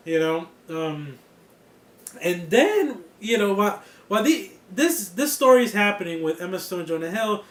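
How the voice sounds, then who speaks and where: A man giving a casual, excitable review of a TV series, laughing often and swearing freely. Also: sits high, moderate pace, roomy sound. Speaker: TV show reviewer.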